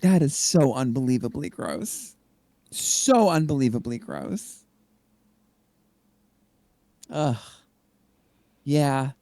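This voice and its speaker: A woman co-hosting a casual podcast, expressive and quick to laugh. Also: rumbling low, no echo. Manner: expressive, laughs often, playfully disgusted. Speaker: podcast co-host.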